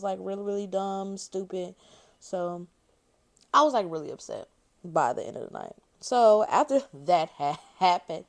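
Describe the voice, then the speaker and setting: Chatty young woman telling a story. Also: fairly low pitch. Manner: chatty and slangy, heavy use of "like" fillers, addresses viewers as y'all. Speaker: beauty vlogger. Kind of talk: casual storytime while doing makeup.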